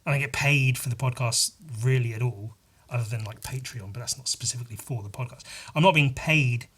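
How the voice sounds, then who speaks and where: Guy rambling on his own podcast, kinda husky, mid pitch, swears a lot and puts himself down. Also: brisk, fairly bright tone. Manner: rambling, self-deprecating, swears casually. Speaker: podcast host. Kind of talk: casual solo monologue.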